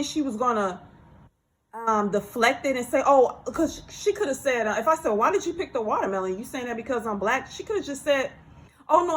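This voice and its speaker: High-voiced woman telling a story. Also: low-quality recording. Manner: animated, repeats herself, acts out coworker's lines. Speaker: channel host telling a workplace story. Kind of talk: casual storytime monologue.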